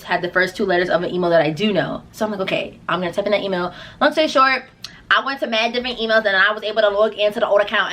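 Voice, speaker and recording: A young woman telling a casual storytime vlog, acting out her own quotes with big jumps in pitch. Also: a bit bright. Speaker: singer and vlogger.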